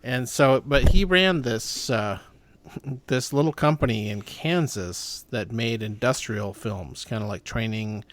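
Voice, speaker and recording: A man's voice: medium pitch, unhurried, a bit bright. A man co-hosting a podcast, chatting in an easygoing way with stammered restarts. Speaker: podcast co-host. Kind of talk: casual chat.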